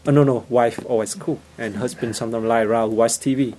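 A man giving an informal teaching talk in halting English, full of fillers and restarts, growing animated as he acts out everyday scenes. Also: medium pitch, slight background noise, rough recording. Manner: gets animated and laughs when acting out scenes.

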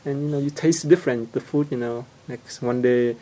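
A man giving an informal teaching talk in halting English, full of fillers and restarts, growing animated as he acts out everyday scenes. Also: mid-range voice, poor audio. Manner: gets animated and laughs when acting out scenes.

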